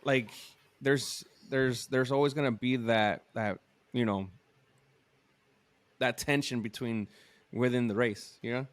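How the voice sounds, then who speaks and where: Halting casual man, says bro. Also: medium pitch, fairly even intonation, roomy sound. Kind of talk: casual chat.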